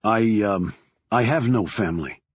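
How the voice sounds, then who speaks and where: A man voicing a nervous grown man who speaks hesitantly and haltingly. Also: on the low side, slightly rough, no echo. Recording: dull lo-fi recording.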